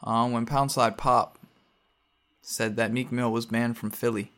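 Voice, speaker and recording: A man's voice: medium pitch, little pitch movement, measured pace, a bit bright. A man co-hosting a podcast in casual chat, talking animatedly and mocking others by mimicking their posts. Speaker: podcast co-host.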